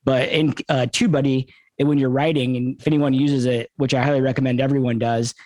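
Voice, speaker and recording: A man's voice: mid-range voice, little pitch movement, a little fast, darkish tone, no echo. A man co-hosting a podcast in casual talk, using many fillers like "uh" and "um". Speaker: podcast co-host.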